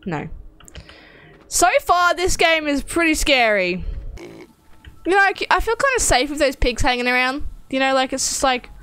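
A woman's voice: sits high, big pitch swings, measured pace, long pauses, fairly bright tone. A woman giving horror game let's-play commentary, talking to herself in a jumpy way and swearing often. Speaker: gaming streamer.

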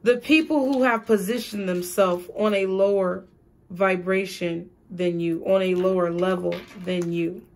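A woman tarot reader giving a collective reading, speaking in slow, repetitive spiritual phrases. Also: lowish voice, steady tone, slight background noise.

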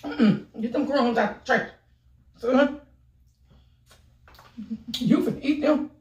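A woman vlogger in a casual video who talks in pain from a burning mouth, with loud exclamations and heavy cursing. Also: sits high, slow pace, lo-fi sound. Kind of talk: casual vlog talk. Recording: echoey room, mic at a distance.

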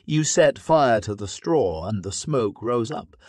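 A man's voice: mid-range voice, animated, measured pace, darkish tone, no echo, studio quality. A man reading a graded-reader story, voicing a small, clever female monkey in a teasing, singsong voice. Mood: mocking.

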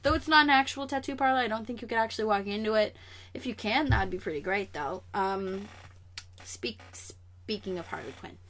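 A young woman vlogger chatting casually and sassily about comic news, animated and straight to the camera. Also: medium pitch, a little fast.

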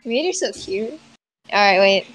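A woman's voice: mid-range voice, lively intonation, normal speed, fairly bright tone, poor audio. Chatty woman saying "like" a lot. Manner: chatty, heavy use of "like", laughs often. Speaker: channel host reading viewer questions. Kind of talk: casual chat.

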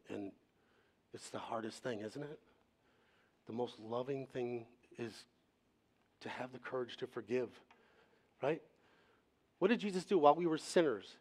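A man's voice: mid-range voice, lively intonation, moderate pace, pauses often, a little mellow, slightly rough. A male pastor giving a sermon in a conversational manner, acting out quoted voices as he speaks.

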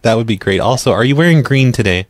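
A man hosting a live radio show and making prank phone calls, speaking deadpan and often stumbling over his words. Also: medium pitch, quick pace, no echo. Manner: deadpan, stammers and repeats words. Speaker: prank-call radio host.

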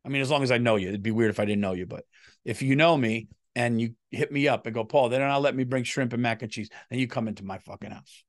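A man's voice: mid-range voice, fast, no room sound, studio quality. A middle-aged man, hosting his comedy podcast in a casual, profane rant and feeling unwell. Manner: profane, animated, swings loud and quiet.

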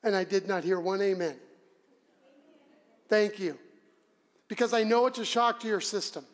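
A man's voice: sits high, moderate pace. A male pastor giving a conversational sermon, with dramatic, emphatic delivery. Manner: conversational, dramatic preaching with sudden loud emphasis. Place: church sanctuary. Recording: long church reverb.

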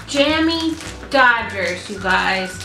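A young woman vlogs while taste-testing snacks, chatting in a casual, expressive way and sounding squeamish. Her mid-range voice moves at a slow pace with a sharp tone. The room is echoey, with light music playing.

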